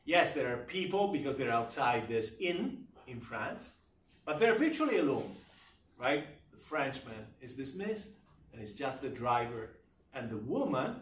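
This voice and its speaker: A man giving a university literature lecture, talking in a deliberate, emphatic way and often checking in with his listeners. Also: mid-range voice, very animated, a bit bright, a little hiss or hum. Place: lecture room. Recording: echoey room, voice from far off.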